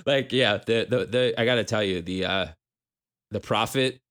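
A man in his thirties co-hosting a podcast, telling stories in a casual, animated way and laughing often. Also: fairly low pitch, normal speed. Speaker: podcast co-host.

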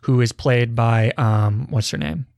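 A man's voice: medium pitch, fairly even intonation, unhurried, gravelly, a little mellow, no echo. A man in his twenties chatting casually as a podcast host, running a quiz game with his co-host. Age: 20s. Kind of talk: casual chat.

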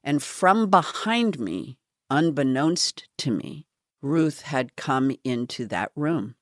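A woman hosting a podcast, talking in an earnest, halting and openly confessional way. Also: rumbling low, very animated, no room sound, clean studio sound. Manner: earnest, halting, self-revealing. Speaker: podcast host.

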